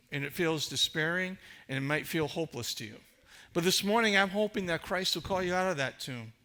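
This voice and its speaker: Pastor guy preaching in church, high bright voice, punchy repetitive delivery. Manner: emphatic, rhetorical preaching with repetition. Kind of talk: sermon.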